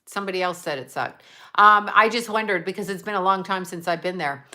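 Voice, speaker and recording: Woman, bubbly livestream chat, bright voice, chatty. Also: lowish voice, fairly quick. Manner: chatty, bubbly, reads out viewer locations. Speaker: livestream host. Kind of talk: casual livestream chat with viewers. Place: at home, just out of bed.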